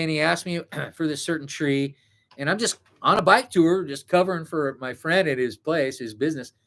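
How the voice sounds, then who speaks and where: A man's voice: a little high, fairly bright tone. A middle-aged man telling a story in a rambling, casual way, full of fillers and self-corrections.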